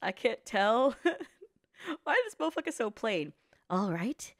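A woman's voice: sits high, very animated, unhurried, soft background music. A woman commenting casually while reacting to an anime, teasing, swearing and laughing often.

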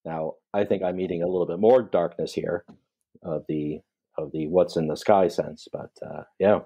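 Deep, mellow man with a wry ramble. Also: fairly even intonation, moderate pace, vocal fry, husky, muffled recording. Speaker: guest on a call. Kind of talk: casual chat.

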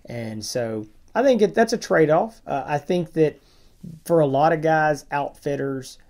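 A man co-hosting a review podcast in casual conversation, often dropping to quiet asides. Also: on the high side, lively intonation, unhurried. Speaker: podcast co-host.

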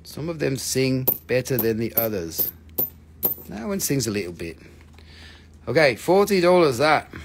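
A man hosting a live crystal sale, chatting casually, joking around and swearing freely. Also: medium pitch. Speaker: host selling crystals on a live stream. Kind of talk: casual live-stream sales chat.

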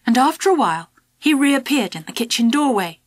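A woman narrating a children's audiobook in the first person, in a lively storytelling manner. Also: sits high, a little fast, no room sound.

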